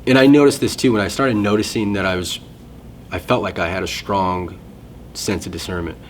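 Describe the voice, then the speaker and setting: A man with a very low voice tells a personal story in loose, casual conversation. He rambles and often stops to restart his sentences. A faint rumble sits under the recording. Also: fairly even intonation, a little fast. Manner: rambling, self-interrupting storyteller. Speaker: guest sharing testimony.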